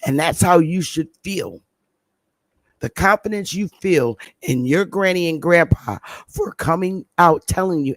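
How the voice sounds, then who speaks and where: A woman's voice: lowish voice, measured pace. A middle-aged woman talks straight to her livestream viewers. She is emphatic and drives home her points by repeating them. The sound is close and dry, with no room echo. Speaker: livestream host.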